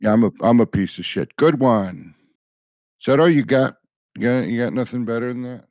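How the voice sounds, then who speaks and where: A man's voice: mid-range voice, brisk, a little mellow, no echo. A man baiting a phone scammer, impatient and sarcastic, mocking the caller. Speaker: scambaiter. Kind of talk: prank call.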